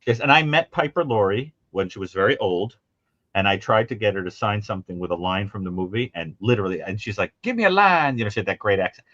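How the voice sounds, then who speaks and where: Quick-paced, with dull audio and no echo, a man co-hosts a casual call-in show about horror films. He tells animated stories, acting out many quotes in high mimicking voices.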